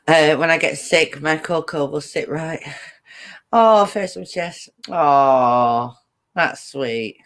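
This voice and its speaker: A woman's voice: low voice, very slow, long pauses. A woman hosting a casual live-stream chat, giggling often and greeting viewers as she reads their comments.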